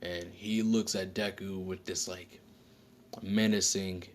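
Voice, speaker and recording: Man, deep voice, casual story, rambling delivery, slang and fillers, slight noise behind. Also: little pitch movement, takes it slowly. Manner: rambling, slangy, frequent self-corrections and fillers.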